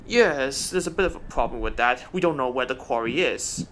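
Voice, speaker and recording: A man's voice: medium pitch, lively intonation, moderate pace, a bit bright, slight background noise, close to an everyday voice. A man voicing an impatient, cross male engine driver in a fan story, sounding exasperated.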